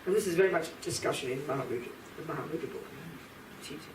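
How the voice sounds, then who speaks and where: Woman teacher addressing a room, direct and forceful; roomy, distant mic. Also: sits low, very fast, background noise. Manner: blunt, emphatic, talks straight to listeners. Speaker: Buddhist teacher. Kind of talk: live dharma lecture to an audience. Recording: roomy hall from a distance, faint ambience.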